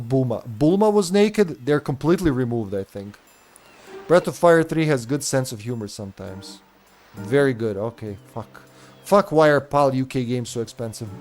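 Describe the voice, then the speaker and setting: A man's voice: fairly high pitch, a little mellow. A man from Serbia, streaming a retro game in casual, rambling, profane commentary, laughing often.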